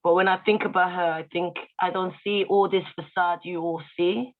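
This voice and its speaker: This woman's fairly low, steady voice moves at a moderate pace as she gives a moving tribute speech, speaking directly to those listening. She's a guest speaker joining by video call, and the sound comes through tinny.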